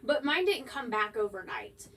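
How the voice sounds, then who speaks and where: A woman's voice: a little high, normal speed. A woman paranormal investigator telling her experiences in a casual interview, chatty and full of "like" fillers. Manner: chatty, many "like" fillers, lively quoting. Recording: slightly distant mic with faint background noise.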